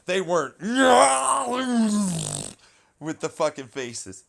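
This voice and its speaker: A man in the middle of a loose vlog rant, his voice sitting at an ordinary middle pitch. He rambles and doubles back, swears constantly, and sounds worn out with the whole subject. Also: moderate pace, creaky, fairly bright tone. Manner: rambling, profane, exasperated. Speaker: vlogger. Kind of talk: casual rant commentary.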